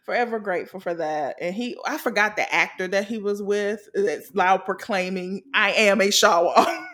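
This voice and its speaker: A woman co-hosting a podcast, chatting casually with a giggly, animated manner. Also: medium pitch, moderate pace, hardly any pauses. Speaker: podcast co-host. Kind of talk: casual chat.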